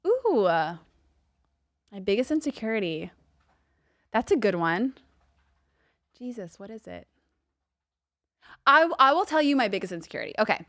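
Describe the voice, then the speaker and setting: A woman's voice: mid-range voice, very animated, a bit bright, dry recording, clean studio sound. Chatty woman with a light Long Island accent. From Long Island, New York. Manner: chatty, many "like" fillers, quick laughs. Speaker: podcast guest, TV lifestyle host. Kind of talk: casual chat.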